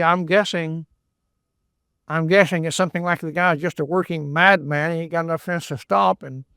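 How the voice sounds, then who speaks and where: A man's voice: fairly high pitch, vocal fry, fairly bright tone, no room sound. Man, folksy Bible teacher, rambling asides, dry close sound. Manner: chatty, rambling, repeats words, quick asides. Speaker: preacher.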